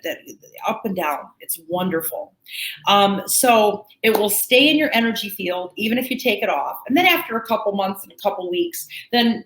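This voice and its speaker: A woman's voice: medium pitch, roomy sound, low-quality recording. A woman hosting a live sales show, chatting in a folksy way about crystals. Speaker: host selling crystals.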